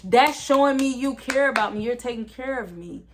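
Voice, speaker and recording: A woman's voice: a little high, animated, normal speed, a little hiss or hum. A woman speaking candidly and emphatically in a casual, heartfelt conversation as a podcast co-host.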